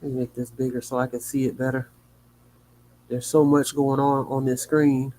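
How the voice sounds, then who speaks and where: A man hosting a livestream, reading a news article aloud in a sleepy, yawning way, with small slips and quick asides to his chat. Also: mid-range voice, flat delivery, warm tone, slight background noise. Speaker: livestream host.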